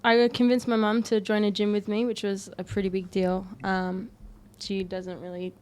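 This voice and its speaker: A woman's voice: medium pitch, level tone, moderate pace, darkish tone. A young woman with an Australian accent, a podcast guest chatting casually and laughing often, with plenty of fillers. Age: young adult. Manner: giggly, lots of fillers and likes. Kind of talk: casual chat.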